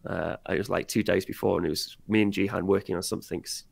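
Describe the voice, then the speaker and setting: A man with a low, heavily gravelly voice, full of vocal fry. He talks in a halting, casual way, stacking fillers and restarting phrases as he searches for names. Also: fairly even intonation. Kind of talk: casual chat.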